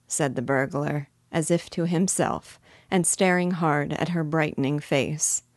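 A woman reading a children's story aloud in a gentle, measured way. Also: sits low, no room sound, studio quality. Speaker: storybook reader.

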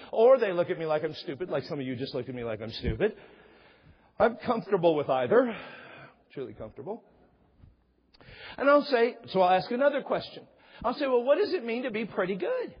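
A middle-aged pastor, very animated and brisk yet leaving long pauses, preaches in a husky voice in a church sanctuary. He stays conversational and acts out small dialogues with rising pitch. Sound is dull with long hall reverb.

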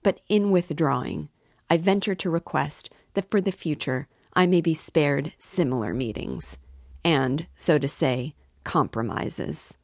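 A woman's voice: low voice, unhurried, a little mellow, no room sound, clean studio sound. A woman reading the part of a pompous, sarcastic middle-aged male suitor in a lofty tone.

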